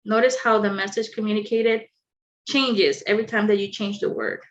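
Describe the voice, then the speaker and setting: A woman leading an online communication skills workshop, explaining clearly and adding light humorous asides. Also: medium pitch, steady tone, normal speed, dull audio. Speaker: workshop presenter. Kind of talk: online training presentation.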